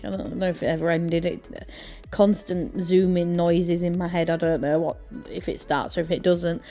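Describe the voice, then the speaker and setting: A woman's voice: medium pitch, darkish tone. A young woman from East Yorkshire with an East Yorkshire accent, chatting casually to camera at home while crafting, rambling with lots of fillers. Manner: chatty and rambling, many fillers and self-corrections. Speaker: journaling vlogger.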